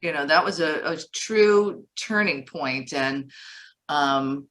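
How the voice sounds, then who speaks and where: Woman co-host, lowish voice but bright and forceful, gets really animated telling stories. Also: slow. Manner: lively, animated storyteller. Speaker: co-founder and co-host. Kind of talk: casual chat.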